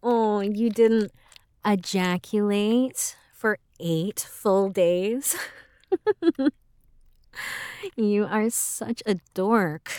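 Here a young woman takes on the role of a teasing, bossy roommate for an intimate audio role-play, speaking quietly and playfully with plenty of gentle laughter. The medium-pitched, lightly acted performance is captured with clean studio sound and no echo.

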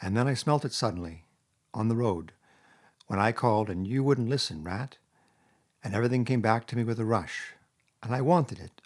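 A man's voice: medium pitch, expressive, moderate pace, pauses often, natural voice. Mole, a sobbing homesick mole, voiced by a man. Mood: grief-stricken. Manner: sobbing, broken pleading. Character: timid homesick male mole, tearful.

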